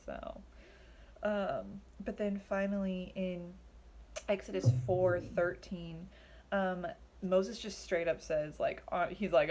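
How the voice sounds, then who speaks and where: A young woman teaches a Bible passage in an easygoing, chatty way, full of fillers and animated quotes. Her voice is warm and mellow, with a faint hiss in the background. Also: fairly low pitch, slow pace. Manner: chatty, filler-heavy, acts out quoted lines. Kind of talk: casual Bible study talk.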